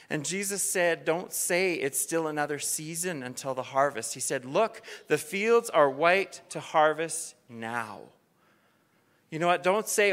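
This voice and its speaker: A pastor preaching a sermon from a church stage, telling stories with passion and building to excited, near-shouted peaks. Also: medium pitch, gravelly. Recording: long reverb of a church hall.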